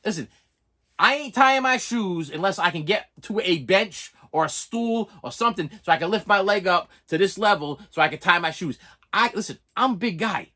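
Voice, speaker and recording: A man's voice: high-pitched, pushed and bright, husky. A man in his forties telling a self-mocking story in a casual vlog, stammering and often saying "listen". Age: 40s. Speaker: vlogger.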